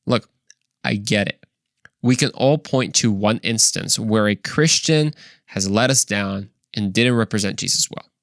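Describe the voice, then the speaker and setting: A man's voice: on the low side, unhurried, vocal fry, fairly bright tone, dry recording, clean studio sound. A man hosting a faith podcast, talking earnestly and conversationally to the listener, often saying "man" and "bro". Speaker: podcast host. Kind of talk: casual faith podcast monologue.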